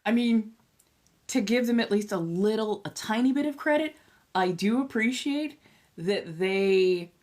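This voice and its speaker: Woman in her 30s, stream host, swearing rants, pitch leaps all over, laughs a lot. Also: unhurried. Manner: profane, animated ranting with frequent laughter. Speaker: livestream host and tarot reader. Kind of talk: casual livestream chat.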